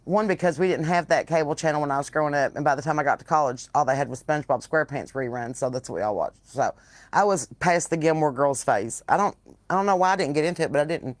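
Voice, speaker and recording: A woman's voice: low-pitched, fast talker, no echo. A woman, hosting a casual live chat from her porch and telling stories with salty language and plenty of swearing. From Southern US. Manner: animated, salty storytelling with swearing. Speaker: podcast host. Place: outdoors on a porch.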